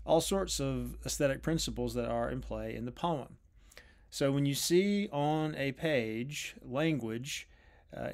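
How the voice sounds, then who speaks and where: Man explaining poetry in a measured lecture. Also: mid-range voice. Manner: thoughtful, with frequent restarts and drawn-out pauses. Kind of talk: unscripted lecture.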